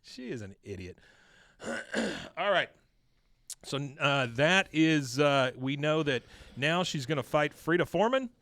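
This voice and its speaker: Podcast guy retelling a cartoon ep, really lively up and down voice, dry close mic. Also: a little high, unhurried, dry recording. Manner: animated storyteller, acts out lines. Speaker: podcast host. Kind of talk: casual chat recapping a cartoon episode.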